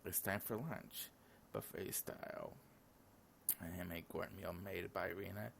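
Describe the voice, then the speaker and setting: A man's voice: low-pitched, unhurried, creaky, fairly bright tone, a little hiss or hum. A sleepy young man reading all the lines of a visual novel aloud in his own voice, with casual asides. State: sleepy, yawning. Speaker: gaming channel host.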